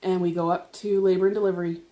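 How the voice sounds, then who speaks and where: A woman's voice: lowish voice, quick pace. Woman vlogger telling a story while eating, laughs a lot, swears a bit, talks right to the viewers. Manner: chatty, laughs often, swears casually; animated, talks to viewers directly. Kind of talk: casual storytelling over dinner.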